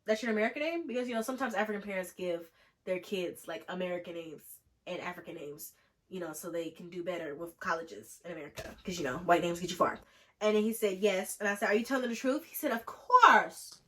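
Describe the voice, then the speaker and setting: In her storytime vlog, a young woman with a fairly low-pitched voice talks fast, chatty and sarcastic. She's animated and keeps mimicking the people she quotes in mocking voices.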